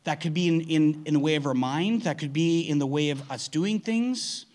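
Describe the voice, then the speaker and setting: A man's voice: on the high side, normal speed, a little mellow. A man preaching a conversational sermon, earnest, often restarting his sentences. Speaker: pastor.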